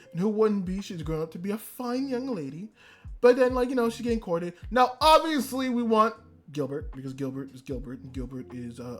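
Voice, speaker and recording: A man's voice: on the high side, a bit bright. A man hosting a podcast, talking casually about anime in a rambling way and swearing freely. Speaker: podcast host. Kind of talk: casual anime review rant.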